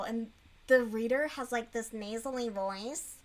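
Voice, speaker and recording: A woman's voice: on the high side, unhurried. A woman streamer in casual chat while crocheting, bluntly and mockingly reviewing books. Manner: blunt, frank, mocking book review with laughs.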